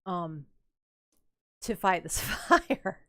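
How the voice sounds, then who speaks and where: An older woman streaming a building game, telling rambling, unhurried stories about her youth with plenty of fillers and chuckles. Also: lowish voice, animated, fairly bright tone. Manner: rambling, unhurried anecdotes with frequent fillers and laughs. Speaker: gaming streamer. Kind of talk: casual storytelling while building in a game.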